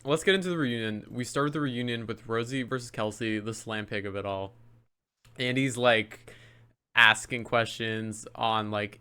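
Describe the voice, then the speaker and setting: Bright-voiced gossipy man. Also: medium pitch, normal speed, clear, resonant tone. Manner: animated, gossipy, acts out quotes. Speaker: podcast co-host. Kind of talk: casual chat.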